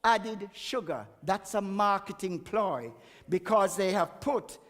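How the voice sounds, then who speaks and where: A man's voice: high voice, takes it slowly. A man giving a chatty, emphatic health talk at a church and laughing at himself now and then. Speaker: guest speaker on health. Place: church hall. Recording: echoey church hall.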